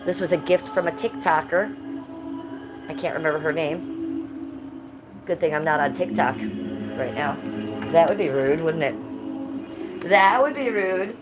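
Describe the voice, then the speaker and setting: A woman's voice: lowish voice, moderate pace, long pauses, low-quality recording. A middle-aged woman chatting casually on a livestream from her living room, blunt and given to swearing. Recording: music playing clearly behind.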